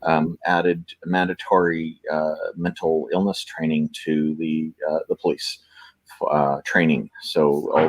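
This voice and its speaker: Man from Canada, very deep voice, casual rambling talk, dry close sound. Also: slightly rough, no echo, low-quality recording. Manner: rambling, many fillers and restarts. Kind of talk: casual conversation.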